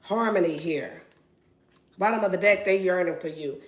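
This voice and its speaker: A woman's voice: medium pitch, big pitch swings, moderate pace. A woman giving a casual tarot reading in a brash, playful and profane way. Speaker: tarot reader. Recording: roomy echo.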